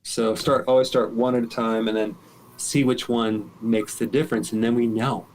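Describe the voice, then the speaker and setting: A middle-aged man hosting a live show, answering callers' health questions in a relaxed, explanatory way with many fillers. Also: medium pitch, moderate pace, very noisy. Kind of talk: casual live Q&A advice.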